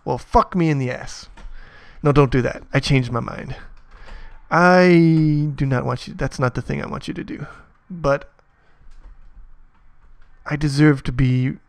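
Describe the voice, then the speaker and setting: A man's voice: mid-range voice, fairly even intonation, unhurried, vocal fry, pauses often, no echo. A man narrating a casual coding tutorial as he types, muttering, swearing often and mocking himself. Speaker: programming tutor.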